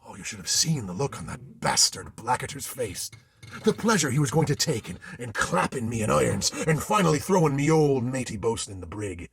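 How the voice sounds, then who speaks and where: A man's voice: medium pitch, big pitch swings, a little fast, creaky, husky, dry recording. A man telling a ghost story dramatically, in the voice of an old-time sailor recounting his tale. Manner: old-time sailor's speech, theatrical delivery.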